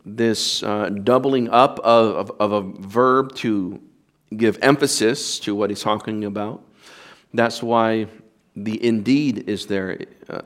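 A male pastor preaching a sermon in an earnest, emphatic way, repeating words and restarting phrases. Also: fairly low pitch.

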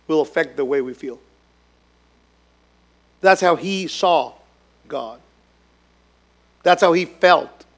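High-voiced, slow, emphatic male preacher. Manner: emphatic, repeats words, swings from loud to hushed. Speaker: pastor. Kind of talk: sermon. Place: church gathering.

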